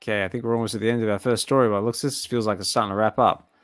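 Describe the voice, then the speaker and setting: A man casually reading a comic aloud and reacting excitedly to the panels as a channel host. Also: lowish voice, rapid-fire, no echo, faint music behind.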